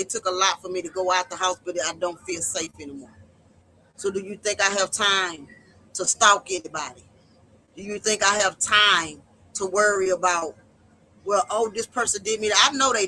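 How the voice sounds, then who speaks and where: A woman's voice: mid-range voice, moderate pace, sharp tone, breathy edge, rough recording. A woman hosting a livestream, giving impassioned, preacherly personal testimony about hard times and faith. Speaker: livestream host.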